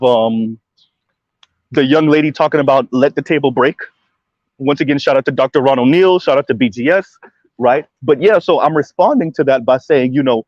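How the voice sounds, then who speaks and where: A man hosting a commentary stream, animated and sarcastic, often laughing and switching to a soft calm voice to make a point. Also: medium pitch, no echo, muffled recording. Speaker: commentary channel host. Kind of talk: reacting to viewer comments on a live stream.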